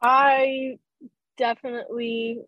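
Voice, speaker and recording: Young woman talking slow and emotional, kinda high voice, dry. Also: flat delivery, no echo, dull audio. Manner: emotional, unhurried recounting. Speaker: podcast guest. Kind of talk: casual chat.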